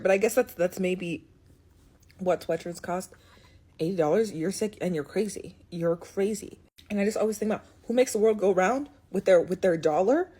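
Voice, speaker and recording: A young woman with a husky, slightly low voice rants in a casual solo monologue. She is blunt and sarcastic and swears freely. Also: mellow. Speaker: video commentator.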